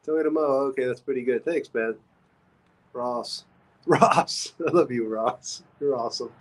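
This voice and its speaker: A man's voice: medium pitch, unhurried, low-quality recording. A man hosting a casual livestream, reading comments aloud and rambling with repeated phrases and stammers. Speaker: livestream host.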